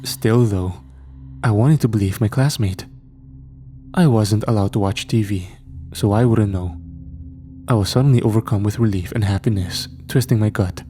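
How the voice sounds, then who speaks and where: A man reading a scripted horror story in a slow, measured way. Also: lowish voice, warm tone. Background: faint background music.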